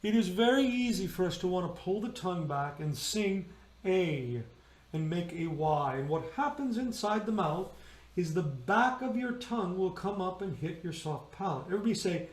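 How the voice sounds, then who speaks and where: A man's voice: high-pitched, animated, moderate pace, roomy sound. A man leading an online choir rehearsal, patiently explaining vowels and singing them as he demonstrates. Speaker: choir director.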